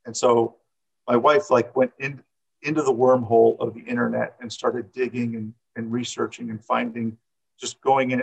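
A man's voice: medium pitch, creaky, husky, lo-fi sound. A middle-aged man who coaches, telling a personal story in an interview, rambling and repeating words with many fillers.

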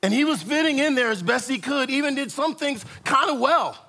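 A man preaching a sermon who tells a story in an animated way and speaks directly to the congregation. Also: very high-pitched, fairly quick. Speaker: pastor.

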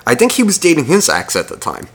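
A podcast co-host tells crude, rambling stories at a fast pace, his fairly bright, husky voice swinging hugely in pitch. He swears a lot and mimics other people in high voices.

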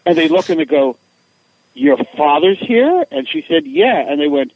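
Middle-aged male guest, animated raconteur, slightly high voice, lo-fi radio audio. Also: moderate pace, no echo. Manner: animated, acts out voices in anecdotes. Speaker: guest, author. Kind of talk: casual storytelling.

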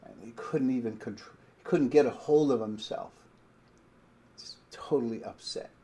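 A man's voice: medium pitch, moderate pace, dark tone. A middle-aged man preaching a sermon in a conversational way, reading scripture aloud and breaking off to explain it. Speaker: pastor.

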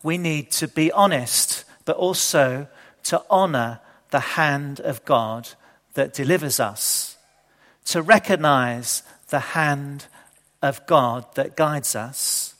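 A man's voice: a little high, slow, fairly bright tone. A man preaching a sermon in a conversational way, asking the congregation questions. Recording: long hall reverb.

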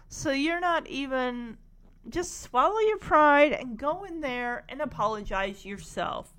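A woman's voice: high voice, expressive, unhurried, a bit bright. A woman casually retelling a cartoon story in a chatty, opinionated way, full of asides. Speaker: cartoon recapper.

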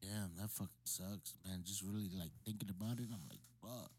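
A man in casual chat, slangy and profane, reacting with animated interjections. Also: lowish voice, brisk, slightly rough.

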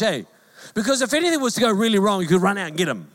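A man with a New Zealand accent, a pastor preaching a sermon in a lively, joking way and mimicking calls in a high voice. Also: fast talker. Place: church hall.

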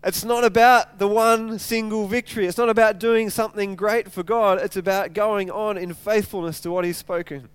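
High-voiced pastor preaching. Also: male voice, moderate pace, hardly any pauses, clean tone, no room sound. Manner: animated storytelling, retelling scripture in casual speech; frequent stumbles and repeated words. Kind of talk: sermon.

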